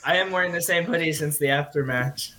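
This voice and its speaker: A man's voice: on the high side, fairly quick, a crowd in the background. A teenage man answering interview questions earnestly, often restarting and repeating his words. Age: teens. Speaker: guest athlete.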